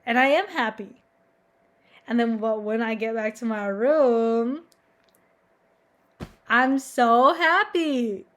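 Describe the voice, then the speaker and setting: A young woman talks straight to her camera in a loose, rambling confessional. Her voice sits a little high and her delivery stays flat and self-mocking, padded with constant filler words. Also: unhurried. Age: young adult. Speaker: vlogger. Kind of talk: confessional monologue.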